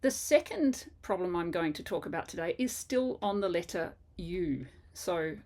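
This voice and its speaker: An older woman with a somewhat low voice explains French pronunciation in a patient, careful way. She is a native English speaker and a qualified teacher, and she slows down to spell words out letter by letter. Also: big pitch swings, a little mellow. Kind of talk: pronunciation lesson video.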